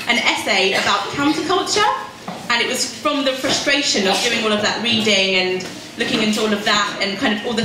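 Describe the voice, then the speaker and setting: A woman's voice: on the high side, background noise. A young woman performing her spoken word poetry at a pub open mic, with rhythmic, emphatic delivery. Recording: echoey room recorded from far off.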